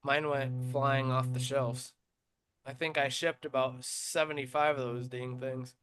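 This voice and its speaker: A man's voice: mid-range voice, a little slow. A man hosting a racing podcast in casual chat. He tells stories animatedly and uses plenty of fillers. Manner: animated storytelling with many fillers. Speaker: podcast host.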